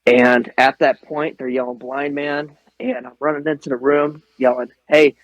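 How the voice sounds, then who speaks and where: A man's voice: medium pitch, steady tone, normal speed, no room sound, lo-fi sound. Young male podcast host, earnest, swears casually, wanders off on tangents, dry close recording. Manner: earnest, profane, digressive. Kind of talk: casual chat.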